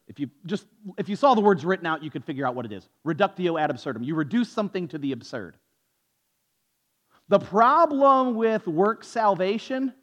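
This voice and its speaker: A male pastor preaching a sermon in a conversational, storytelling manner with a sarcastic edge. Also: high-pitched.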